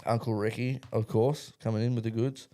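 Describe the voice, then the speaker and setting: A man's voice: mid-range voice, little pitch movement, brisk, warm tone. A man with an Australian accent, hosting a podcast and telling a crude, laughing story in casual chat. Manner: crude, swearing, laughing through stories. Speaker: podcast host.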